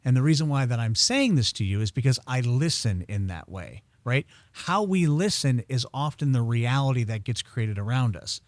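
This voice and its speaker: Animated male storyteller, dry close mic. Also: mid-range voice, moderate pace, hardly any pauses, no echo. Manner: animated storyteller, acts out quoted dialogue. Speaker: podcast guest, incense expert. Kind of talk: conversational interview storytelling.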